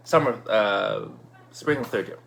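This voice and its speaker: Animated man telling a personal story. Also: lowish voice, slow, creaky. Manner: animated, acts out his own excited shouts in quotes. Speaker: vlogger. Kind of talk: casual storytelling.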